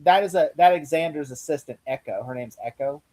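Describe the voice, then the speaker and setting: A man chatting casually as a podcast co-host, with a slightly raised voice. He talks in an animated way, laughs often and slips into lines of dialogue as he retells scenes. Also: fairly high pitch, brisk. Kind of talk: casual chat.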